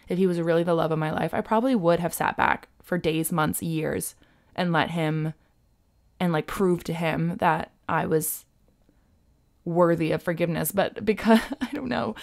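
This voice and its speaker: A woman vlogger speaks candidly and emotionally, confiding a personal story straight to her viewers. Her voice sits low with plenty of vocal fry and a gravelly texture. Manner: emotional, confiding, frequent "like" fillers.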